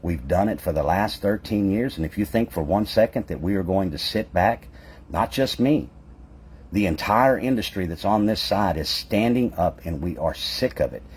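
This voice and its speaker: Impassioned deep-voiced man. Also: lively intonation, moderate pace, breathy edge. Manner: fervent, repetitive rhetorical questions. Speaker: public adjuster business owner. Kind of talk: impassioned direct-to-camera address.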